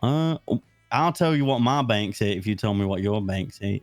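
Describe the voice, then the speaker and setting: A man's voice: fairly low pitch, expressive, moderate pace, dry recording, soft background music. A man playing a deputy in a role-play game, rambling and mocking, with lots of "you know" and "like". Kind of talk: in-character role-play chat.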